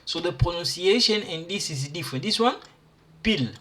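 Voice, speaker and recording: A man teaching pronunciation, repeating syllables and words slowly for learners. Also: high voice, lively intonation, fairly bright tone, a little hiss or hum. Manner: slow, repeats sounds and words aloud for learners. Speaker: language teacher. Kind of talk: pronunciation lesson.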